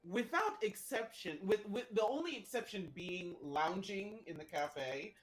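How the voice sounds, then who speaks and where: A woman playing a tabletop game, speaking deliberately and theatrically as her character. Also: mid-range voice, lively intonation, low-quality recording. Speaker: player.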